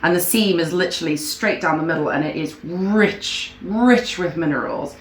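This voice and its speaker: Chatty woman, lowish voice. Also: normal speed, a little hiss or hum. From Zimbabwe. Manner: chatty, rambling, animated asides. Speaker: co-host reacting to a video. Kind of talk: casual chat. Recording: echoey room.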